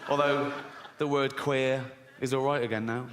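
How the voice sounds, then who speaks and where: A middle-aged English stand-up comedian performs on a large theatre stage before an audience, sardonic and mock-innocent, slipping into voices for quoted lines. His medium-pitched voice is steady at normal speed, picked up by a stage microphone with long hall reverb and audience noise.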